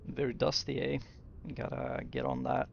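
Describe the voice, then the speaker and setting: A man's voice: mid-range voice, monotone, normal speed, vocal fry, muffled recording, a little hiss or hum. A young man who streams games, muttering to himself while he builds and chatting casually with his viewers. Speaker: game streamer. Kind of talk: casual gameplay commentary to chat.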